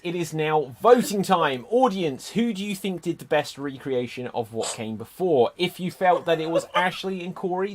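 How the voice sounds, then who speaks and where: A man hosting a livestreamed improv comedy show over a video call, upbeat and announcing. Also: on the high side. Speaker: host.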